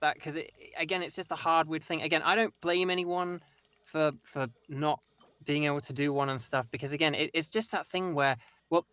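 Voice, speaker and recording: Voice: medium pitch, steady tone, moderate pace, fairly bright tone, clear, resonant tone, dry recording. Brief: voice actor guest, mid-range voice, loose rambling talk full of restarts. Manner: rambling, many restarts and hedging fillers. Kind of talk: casual chat.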